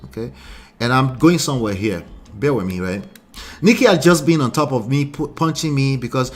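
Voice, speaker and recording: A man's voice: medium pitch, lively intonation, normal speed. A man hosting a relationship livestream, reading viewer comments and answering with emphatic, repeated points and rhetorical questions. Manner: laughs often, mocks quoted lines in put-on voices. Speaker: relationship coach and channel host.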